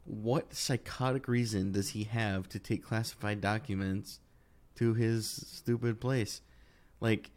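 A man co-hosting a casual podcast conversation, talking in a lively way that climbs higher when he gets worked up, with frequent restarts. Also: normal speed. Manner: animated, rising in pitch when worked up, many restarts. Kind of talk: casual political chat.

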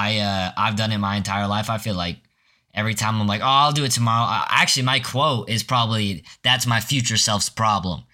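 A man's voice: lowish voice, pushed and bright. A teenage boy hosting his first solo podcast, telling rambling stories with many restarts and self-mocking jokes. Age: teens. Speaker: podcast host. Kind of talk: casual solo podcast storytelling.

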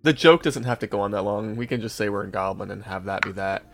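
With soft music in the background, a young male podcast host speaks quickly in a low, creaky, somewhat bright voice. He's casually telling his co-hosts a long story, swearing freely and laughing at it himself in a relaxed way.

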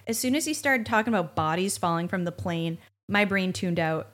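A woman co-hosting a podcast, recapping a TV episode in incredulous, animated casual chat and acting out quoted lines. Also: lowish voice, fairly quick. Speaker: podcast co-host.

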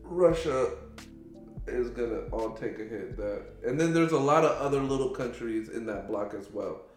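A man's voice: mid-range voice, normal speed, a little mellow. A man talks in a loose, rambling podcast style. He stops and restarts his sentences and swears offhandedly. The room is echoey, with faint music in the background. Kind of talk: casual podcast chat.

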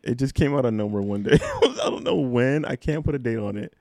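A man's voice: medium pitch, expressive, a little fast, creaky, a little mellow, dry recording, studio quality. A man co-hosting a podcast in casual chat, rambling and laughing easily. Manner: laid-back, rambling, lots of fillers and laughs. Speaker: podcast co-host.

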